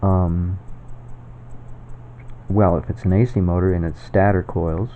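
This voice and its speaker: A man's voice: deep voice, flat delivery, a little slow, slight background noise. A man at home talking in a casual, rambling monologue for his own video, chuckling often. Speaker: video maker. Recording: dull lo-fi recording.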